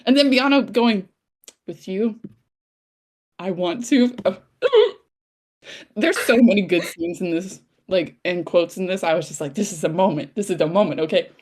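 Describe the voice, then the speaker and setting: A woman co-hosting a casual podcast, gushing excitedly and acting out her own reactions. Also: fairly low pitch, normal speed, husky. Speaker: podcast co-host. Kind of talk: casual chat.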